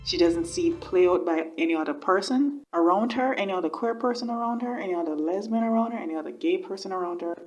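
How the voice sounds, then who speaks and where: A woman's voice: fairly low pitch, fast, hardly any pauses, darkish tone, faint music behind. A woman hosting a reaction video, chatting casually and emotionally, often exclaiming and repeating words for emphasis.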